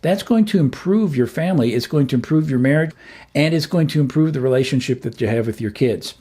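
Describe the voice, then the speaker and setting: A man's voice: a little high, expressive, a little fast, warm tone, slightly rough. A middle-aged man hosting a family advice talk, speaking earnestly and plainly with frequent filler words. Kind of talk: direct-to-camera advice talk.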